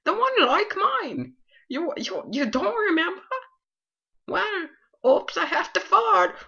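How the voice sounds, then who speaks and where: Brief: performer doing a giggling creeper, high and bright, slow, comic game skit. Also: male voice, very animated, gravelly, exaggerated voice. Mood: cheeky. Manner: giggly, boastful. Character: cheeky gassy creeper with a German accent. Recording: lo-fi dull recording.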